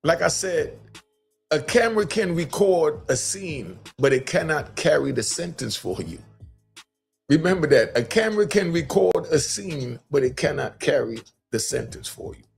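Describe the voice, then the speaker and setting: Gravelly-voiced man preaching on a live stream. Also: fairly high pitch, lively intonation, moderate pace, soft background music. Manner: preachy, repeats key lines for emphasis. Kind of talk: live-streamed street-wisdom commentary.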